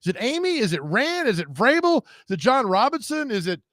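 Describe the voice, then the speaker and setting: A man's voice: very high-pitched, very animated, fairly quick, fairly bright tone, no room sound, clean studio sound. A man hosting a radio show, telling rambling, jokey stories in casual chat.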